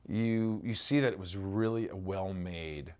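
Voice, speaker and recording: A man's voice: low voice, measured pace, darkish tone. A middle-aged man, an actor in a casual interview, telling stories animatedly, swearing freely and acting out lines.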